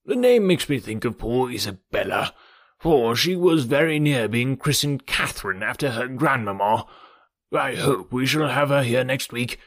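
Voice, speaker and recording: Male reader as an elderly, fretful father. Husky, lively pitch. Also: normal speed, no room sound, studio quality. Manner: sighing, fussy, anxious. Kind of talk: audiobook reading.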